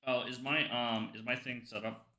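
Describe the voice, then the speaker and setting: A man streaming casually while he tests his own app, halting and distracted, full of fillers as he talks to himself. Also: medium pitch, little pitch movement, pushed and bright, roomy sound. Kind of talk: casual live-stream chat while working.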